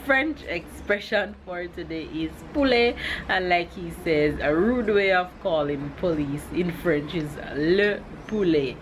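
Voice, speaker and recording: A woman with a Jamaican accent hosting a casual vlog, laughing often and spelling words out slowly. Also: on the low side, expressive. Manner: laughs often, slow deliberate pronunciation. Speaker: vlogger host. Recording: noisy ambient background.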